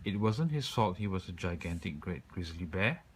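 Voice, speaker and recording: Calm, low-voiced male storyteller. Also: moderate pace, a little hiss or hum, rough recording. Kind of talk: children's book read-aloud.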